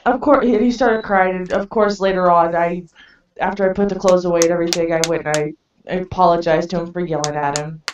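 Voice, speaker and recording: A woman chatting casually and telling her stories with laughs along the way. Her voice is mid-pitched. She sounds distant from the mic in an echoey room, and the sound is dull and lo-fi. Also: fairly even intonation, fast talker, slight background noise. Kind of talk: casual chat.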